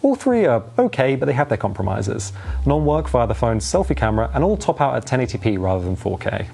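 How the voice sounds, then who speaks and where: A man giving a scripted tech review in a clear, measured and lightly wry way, filmed outdoors on a phone's own microphone. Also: medium pitch, very animated, mellow. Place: outdoors in wind. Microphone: phone's built-in microphone.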